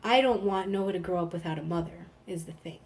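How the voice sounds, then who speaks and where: A woman's voice: lowish voice, a little fast, darkish tone. A woman in her thirties hosting a live stream, casual and rambling, with lots of "like". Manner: chatty, rambling, frequent "like". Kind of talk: casual chat.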